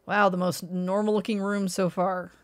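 A woman's voice: medium pitch, little pitch movement, moderate pace. A woman streamer giving live commentary on house listings, mock-outraged and exasperated. She swears, laughs often and fires off rhetorical questions. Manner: reacting aloud, asking rhetorical questions.

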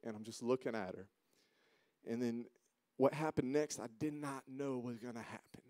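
Guy preaching at church, mid pitch, gets quiet then loud, emotional story, dry sound. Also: normal speed, no echo. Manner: emotional, swings from hushed to loud. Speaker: guest speaker at church. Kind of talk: storytelling sermon. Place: church auditorium.

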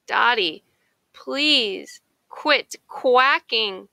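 A woman voicing a small, quiet, gentle male quail in a children's storybook. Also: fairly high pitch, animated, extremely slow, gravelly, dry recording, studio quality, pitched above the performer's own voice, full character voice. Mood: pleading. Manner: soft-spoken, pleading.

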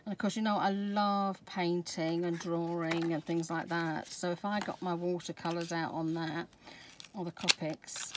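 A middle-aged Scottish woman chatting through an unboxing of craft supplies, gushing with excitement and dropping to soft whispers over favourite pieces. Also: on the low side, unhurried. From Scotland. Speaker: craft vlogger. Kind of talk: product unboxing chat. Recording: background noise with crinkling packaging.

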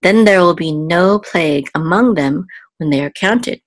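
A woman's voice: fairly low pitch, unhurried, no echo. A woman teaching a Hebrew reading lesson, going patiently letter by letter with small fillers. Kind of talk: online language lesson.

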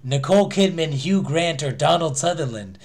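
A man co-hosting a casual comedy chat, laughing often between quick quips. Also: a little high, lively intonation, gravelly, darkish tone. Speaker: co-host.

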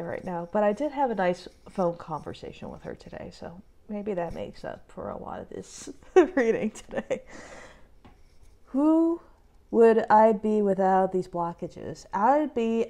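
A woman's voice: mid-range voice, mellow. A young woman doing a casual tarot reading for herself on camera, talking emotionally and sighing and laughing through tears. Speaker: tarot reader and vlogger. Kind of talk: casual self-reading vlog.

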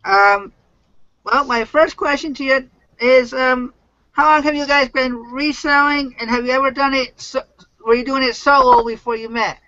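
A man with an unusually high, bright voice hosts a live-stream interview, asking plain, direct questions. He is heard through a computer mic on an online call, with dry, somewhat muffled sound. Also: steady tone, normal speed, dry recording. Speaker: host.

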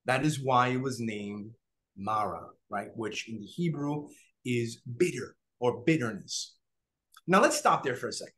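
A man teaching a Bible study in an animated way. He keeps checking in with his listeners and acts out what people would say. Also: mid-range voice, measured pace. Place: online class, remote listeners.

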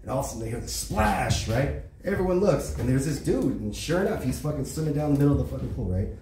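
A man doing stand-up comedy with a mellow, dark voice, his casual profane storytelling peppered with tag questions. The room is very echoey, and his voice comes from a distance in a comedy club. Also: medium pitch, animated, fast talker, slight background noise. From Los Angeles area. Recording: echoey room, mic from afar.

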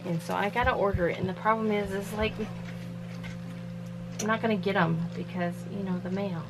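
A woman's voice: medium pitch, steady tone, brisk, over music, rough recording. A woman chatting casually from home in a rambling vlog, laughing often. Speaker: vlogger running a shirt business.

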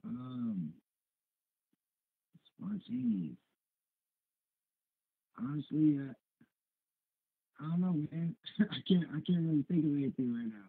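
Raspy male guest over a phone line, easygoing chat, a little high-pitched. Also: animated, slow, pauses often, no echo. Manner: easygoing, repeats filler phrases. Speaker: guest, independent rap artist. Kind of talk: casual interview chat.

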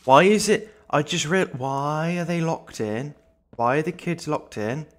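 A man's voice: on the high side, a little slow. A man streaming as a VTuber, nervously talking to himself as he plays. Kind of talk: live gameplay commentary.

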